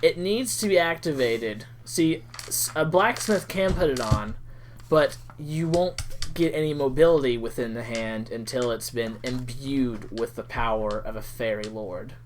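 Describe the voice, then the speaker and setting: A mid-pitched man running a tabletop game, rambling through explanations with halting restarts and frequent laughter. A faint hiss of noise sits under his voice. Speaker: game master.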